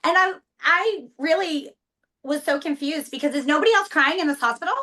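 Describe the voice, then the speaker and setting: Bright-voiced candid woman. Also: high voice, a little fast. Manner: candid, tearful at times, many restarts. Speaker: stroke survivor's partner, guest. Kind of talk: emotional interview conversation.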